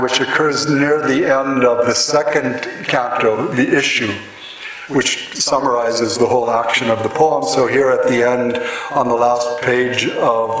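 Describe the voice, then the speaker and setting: A man giving a lecture on poetic rhythm, explaining patiently with pauses and fillers, recorded in a hall before an audience. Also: mid-range voice. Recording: echoey hall, voice from far off, audience present.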